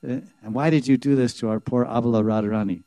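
A man voicing an eager, excitable young cowherd woman in a devotional story, with high, breathless exclamations. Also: fast talker, dry recording, close to an everyday voice. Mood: scolding.

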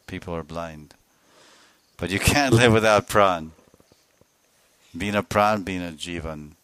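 A man giving a devotional sermon as a spiritual teacher, telling a sacred story with soft laughs and acting out the voices of its figures. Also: low-pitched, no echo. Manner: laughs softly between phrases.

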